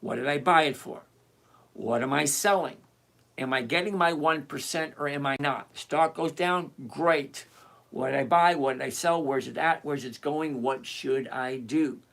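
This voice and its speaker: The host of an options trading livestream has a creaky, medium-pitched voice and an unhurried pace, reading out chat questions and answering them. The manner is animated, talkative, direct and repetitive.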